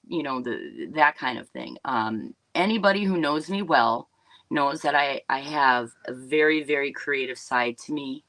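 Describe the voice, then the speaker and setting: A woman's voice: extremely low pitch, a bit bright, no echo, rough recording. A woman from Wisconsin hosting a casual livestream, talking in a rambling, chatty way with lots of fillers and asides to her viewers. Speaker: livestream host and business owner.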